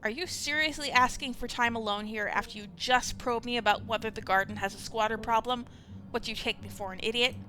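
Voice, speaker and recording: A woman voicing a gruff, scowling caretaker who talks in a blunt, clipped, irritable way. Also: a little high, steady tone, brisk, sharp tone, a little hiss or hum. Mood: curt.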